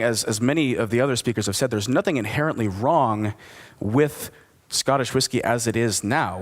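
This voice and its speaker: A man giving a conversational conference presentation, enthusiastic and asking his audience questions. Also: medium pitch. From United States. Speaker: distillery speaker at a whisky forum.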